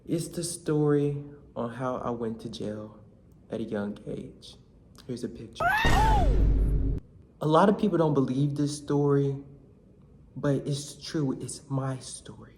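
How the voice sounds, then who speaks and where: A young man vlogging, telling a comic story in casual slang with animated bursts. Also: mid-range voice, measured pace, long pauses, a little hiss or hum. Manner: animated, slangy, shouts in quoted lines. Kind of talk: comedic storytelling vlog.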